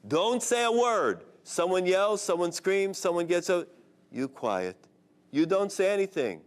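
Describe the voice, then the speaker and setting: A man, a rabbi, telling an inspirational story in an expressive voice, sprinkling in Hebrew terms. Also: a little high.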